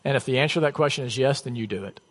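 A man's voice: mid-range voice, very fast, slightly rough, big-room sound. A man preaching a sermon as pastor, telling personal stories in a casual, self-deprecating way. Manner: conversational, self-deprecating storytelling. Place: church sanctuary.

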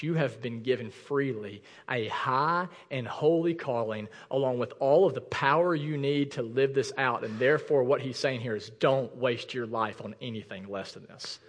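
Impassioned pastor preaching in a reverberant hall. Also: male voice. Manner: impassioned, rising to near shouts then dropping low and intimate. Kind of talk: sermon. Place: church sanctuary.

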